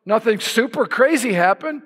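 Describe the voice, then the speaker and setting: A male pastor preaching a sermon with passion, building to shouts for emphasis. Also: very high voice, animated, moderate pace, husky. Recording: long hall reverb.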